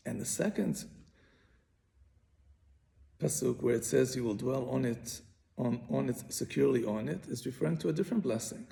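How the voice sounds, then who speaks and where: A man's voice: mid-range voice, moderate pace, gravelly, long pauses, dark tone, slight background noise. A man teaching a Bible commentary lesson, patiently explaining and often repeating and restarting his phrases. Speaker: Torah teacher.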